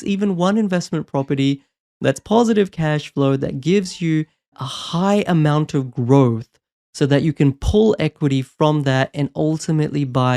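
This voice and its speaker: A man coaching on property investment, talking in an energetic, persuasive way and often checking in with "right?". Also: fairly high pitch, clear, resonant tone. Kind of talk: motivational advice talk.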